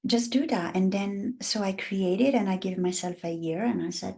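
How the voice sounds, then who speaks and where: At normal speed, with vocal fry and a darkish tone, a medium-pitched woman's voice speaks in a casual interview. She's a passionate women's coach in her fifties from Italy, with an Italian accent, who acts out the voices of the women she describes.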